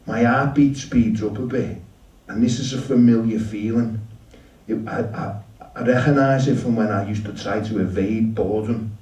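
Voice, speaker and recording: A man telling a story live in a dry, deadpan way, swearing freely. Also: on the low side, normal speed, lo-fi sound. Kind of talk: live spoken-word storytelling. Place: shop venue with audience. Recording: roomy shop, mic at a distance.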